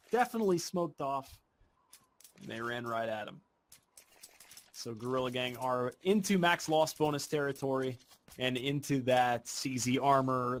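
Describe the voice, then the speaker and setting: A man casting an esports match with play-by-play commentary, talking in quick, excitable bursts. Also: medium pitch. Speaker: esports caster.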